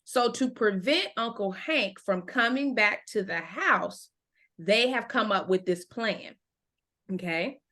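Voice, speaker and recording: A woman teaching an adult English book club, reading a novel aloud and then explaining it slowly and clearly. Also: mid-range voice, animated, sharp tone. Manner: slow, clear teacher explanations with check-ins.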